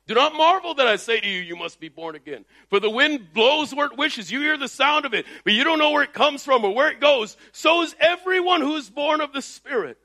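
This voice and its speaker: A man preaching a sermon loudly and emphatically, his voice rising in bursts as he exhorts the congregation. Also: extremely high pitch, animated, fairly quick, few pauses. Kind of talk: energetic sermon. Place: Texas.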